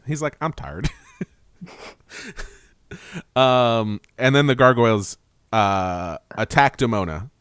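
A man's voice: medium pitch, slow pace, pauses often, fairly bright tone, clear, resonant tone, no room sound, studio quality. A man co-hosting a podcast, recapping a cartoon in casual chat, rambling and laughing as he quotes the characters. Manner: rambling, laughing, quoting characters in goofy voices. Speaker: podcast co-host.

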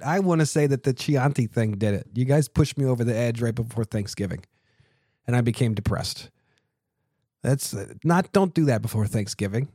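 A man's voice: mid-range voice, a little mellow, no echo, studio quality. A man hosting a casual podcast alone, rambling and mocking himself, with frequent swearing and restarts. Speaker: podcast host.

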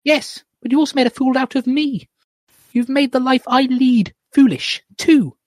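A man's voice: very high voice, normal speed, no room sound, pitched above the performer's own voice. A man reading out a scene and voicing a wounded middle-aged wife confronting her husband, in a dramatic read-aloud style. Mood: reproachful.

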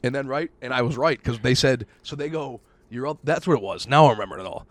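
A fast-talking man tells stories in casual podcast chat, cursing freely and jumping into loud bursts when he quotes himself. The sound is dry and close. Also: mid-range voice, no room sound. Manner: rapid, swearing storyteller, loud bursts when quoting himself. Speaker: podcast host.

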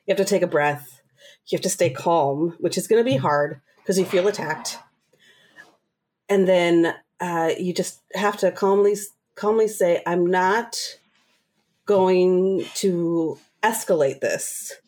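A woman co-hosting a casual chat, telling a story with lively acted-out quotes and laughter. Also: on the low side, unhurried.

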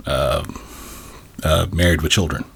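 A man's voice: rumbling low, fairly even intonation, a little slow, vocal fry, fairly bright tone, slightly rough. A man co-hosting a podcast, joking and laughing often in casual banter. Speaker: podcast co-host.

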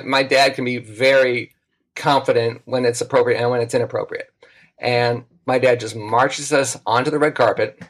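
On a podcast, a middle-aged male guest spins a story in relaxed chat with a mid-range voice. He's lively about it, imitating the voices of those in the story.

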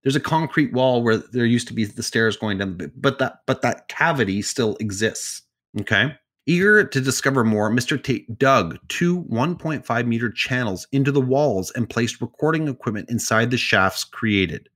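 A man in an easygoing podcast chat, retelling a strange tale at a middle pitch. His delivery is loose and conversational, with side remarks and jokes woven between the facts. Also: lively intonation, moderate pace, a bit bright. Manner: summarizes stories loosely with asides and jokes. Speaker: podcast co-host telling stories. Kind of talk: casual storytelling chat.

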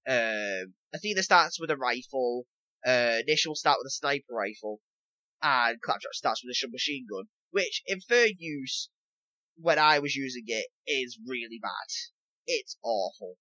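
A man's voice: medium pitch, animated, measured pace, pushed and bright, no room sound, highs cut off. A man co-hosting a casual gaming podcast, rambling and leaning on "basically" and "obviously" as he explains. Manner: rambling, repeats himself, lots of "basically" and "obviously". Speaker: podcast co-host.

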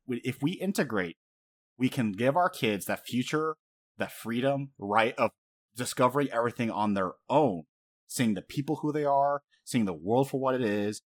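A young man talking in a casual, excitable way, his pitch leaping all over as he gets worked up. He swears freely and breaks into laughter often. His voice sits in an ordinary middle register. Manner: animated, profane, laughs often. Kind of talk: casual anime recap chat.

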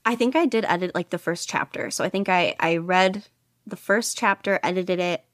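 A woman's voice: on the low side, normal speed, fairly bright tone, no room sound, clean studio sound. Rambling, chatty young woman guest. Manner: rambling, enthusiastic, frequent "like" fillers and laughter. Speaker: guest podficcer. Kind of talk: casual interview chat.

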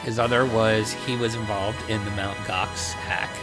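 A man's voice: fairly low pitch, fairly even intonation, a little slow, over loud music. A man co-hosting a podcast in casual, joking chat, often breaking into laughter. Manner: joking, laid-back, trailing off into laughs. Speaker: podcast co-host.

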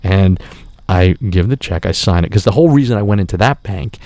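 Gravelly-voiced man telling a profane story. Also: low-pitched, brisk, no echo. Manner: profane, animated, acts out quotes. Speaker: podcast host. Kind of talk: casual storytelling.

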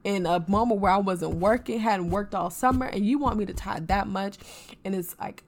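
A woman co-hosting a casual faith podcast, speaking with a gravelly, crackly edge at a middle pitch. She tells her personal stories in an earnest and animated way. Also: moderate pace. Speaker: podcast co-host.

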